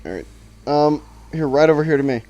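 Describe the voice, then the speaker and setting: A man's voice: fairly high pitch, expressive, a little fast, warm tone, lo-fi sound, faint music behind. A man streaming a game, telling a long story in a casual, profane, rambling way over his mic. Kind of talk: casual gaming chat.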